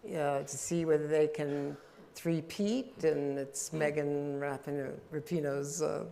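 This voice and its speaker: A woman's voice: deep voice, steady tone, a little slow, creaky, dark tone, a little hiss or hum. An older woman interviewing a guest on stage, asking questions in a chatty, conversational way. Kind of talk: panel interview.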